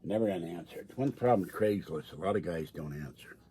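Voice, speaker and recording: Husky rambling man on a home livestream. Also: sits low, lively intonation, quick pace, dark tone. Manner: chatty, meandering storyteller who laughs often. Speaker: livestream host. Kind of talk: rambling casual livestream chat. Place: indoors at home.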